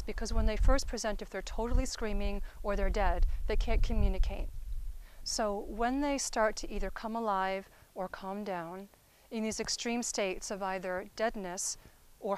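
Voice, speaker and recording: This low-quality recording, with slight background noise, captures a female therapist giving instructional talk on inner-child healing. She teaches conversationally in a mid-range voice, checks in with her audience as she goes, and frequently eases into soft, quiet wording.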